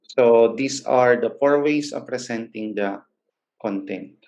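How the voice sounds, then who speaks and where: A young man with a Filipino accent giving a recorded lecture as a teacher, pausing often with filler words and correcting himself. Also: medium pitch, darkish tone, lo-fi sound. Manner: hesitant, many filler words and self-corrections.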